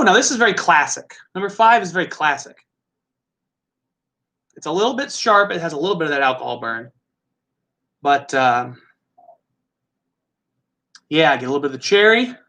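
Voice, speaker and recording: A chatty man with a Midwestern American accent hosts a casual live tasting. His voice sits high for a man and has a bright, forward edge. He muses aloud in a loose, easygoing way. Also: animated, normal speed, pauses often. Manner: chatty, musing aloud, laughs easily. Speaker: host.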